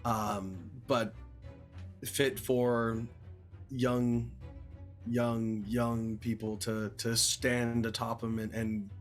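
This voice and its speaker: A man playing a tabletop game, describing a scene in a halting, soft way. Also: mid-range voice, level tone, faint music behind. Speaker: player.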